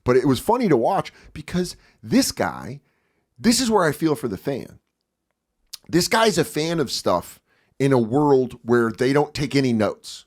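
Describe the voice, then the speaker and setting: A man in his thirties, a comedian guest on a podcast, talking casually in a profane, animated way and acting out the people he quotes. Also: medium pitch, a little slow. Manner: profane, animated storyteller who acts out quotes.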